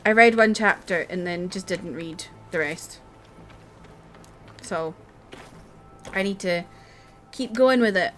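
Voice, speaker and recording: A woman streaming a video game, giving casual live commentary, chatty and quick to swear and shout when frustrated. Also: medium pitch, faint music behind.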